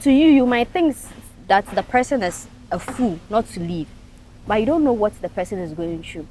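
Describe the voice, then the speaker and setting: A woman with a Ghanaian accent gives blunt, emphatic opinions as a talk show panelist. Her voice sits at an ordinary middle pitch for a woman. A faint hum of noise runs underneath. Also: lively intonation, moderate pace, a little mellow. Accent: Ghanaian English. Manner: frank, emphatic, mixes in local phrases. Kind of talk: casual talk show discussion.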